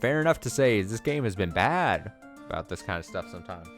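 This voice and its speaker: A man's voice: lowish voice, sing-song, brisk. Man thinking aloud over a game. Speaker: let's play host. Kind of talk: casual gameplay commentary. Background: game music.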